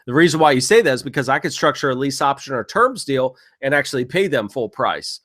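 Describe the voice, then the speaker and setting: A man walking viewers through real estate software in a screen-share tutorial, talking casually and coaching them through sample phone calls. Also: mid-range voice, animated, a little fast.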